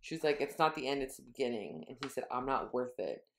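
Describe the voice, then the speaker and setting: A woman co-hosting a podcast, casually retelling a book's scenes and quoting its dialogue in a low murmur. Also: lively intonation, quick pace, a little hiss or hum. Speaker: podcast co-host. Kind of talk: casual book-recap chat.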